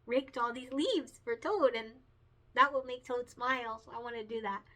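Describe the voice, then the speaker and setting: A woman voicing a kind, thoughtful male frog from a storybook, in a gentle, sweetly earnest way. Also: a little high, normal speed. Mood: tender.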